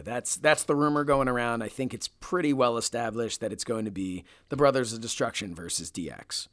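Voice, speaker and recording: A man's voice: mid-range voice, a bit bright, no room sound, clean studio sound. A young man co-hosting a podcast in casual chat, who laughs often and rambles with plenty of fillers. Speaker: podcast co-host.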